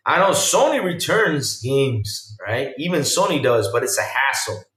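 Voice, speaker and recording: A man hosting a casual live-streamed podcast, reacting with loud exclamations and reading viewer chat aloud. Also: medium pitch, big pitch swings, measured pace, reverberant, far from the mic.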